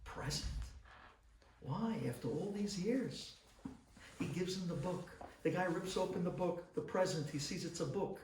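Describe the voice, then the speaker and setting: A rabbi giving an inspirational talk, telling stories dramatically and swinging between loud bursts and hushed asides. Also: male voice, sits high, measured pace, reverberant, recorded from a distance, background noise.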